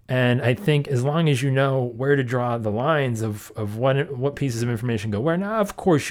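A man's voice: medium pitch, darkish tone. A man hosting a casual talk about insurance agency marketing, speaking conversationally with many fillers and restarts. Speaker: podcast host.

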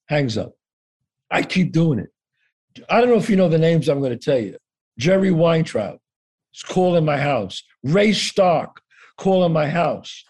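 A man's voice: a little high, expressive, normal speed, a little mellow. An older man telling his story as a podcast guest, acting out both sides of each conversation and swearing freely. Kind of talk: animated storytelling.

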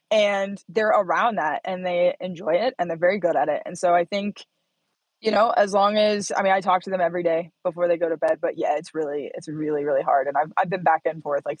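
A breathy woman in her thirties from Indiana, chatting as a guest with a dry, close sound. She tells her story in an animated way, laughing often and acting out what others said. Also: fairly low pitch, no room sound, low-quality recording. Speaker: startup founder, guest. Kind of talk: casual interview storytelling.

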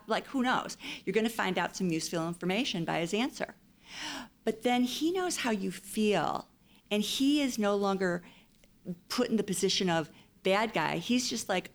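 A woman's voice: mid-range voice, lively intonation, normal speed. A woman counselor giving advice in a casual interview, explaining her points with playful acted-out quotes.

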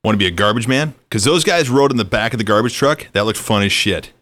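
A man hosting a casual chat, reminiscing in a relaxed way and laughing easily. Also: lowish voice, quick pace, no echo.

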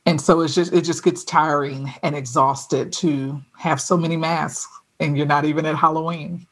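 A woman with a husky, breathy voice talks as a podcast guest. She tells her story earnestly and conversationally, often restarting her sentences midway. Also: sits low, steady tone, moderate pace.

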